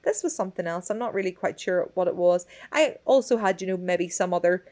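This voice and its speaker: A woman, telling a story in casual chat, expressive and swearing freely. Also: on the low side, fairly quick. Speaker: podcast co-host.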